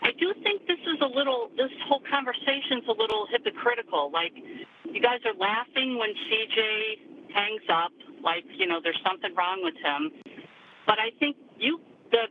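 A woman calling in to a radio talk show, speaking in a halting, conversational way with many fillers. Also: fairly high pitch, animated. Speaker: caller. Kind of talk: phone-in caller to talk radio. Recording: tinny phone line, faint hiss.

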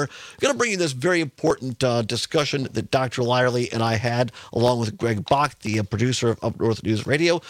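A male radio talk show host speaking slowly and carefully, his mouth still numb from dental anesthetic, with self-deprecating humor. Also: mid-range voice, dry recording. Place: radio studio. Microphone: studio microphone.

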